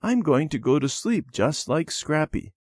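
A man voicing a timid little girl in a storybook reading, with a high, small, plaintive voice. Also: sing-song, a little slow, a little mellow, breathy edge, no room sound, studio quality, heavily acted. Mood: reassured. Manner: plaintive, questioning.

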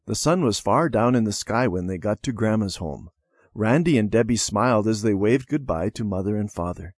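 A man narrating a children's storybook in an expressive read-aloud manner. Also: on the low side, moderate pace, dry recording, studio quality.

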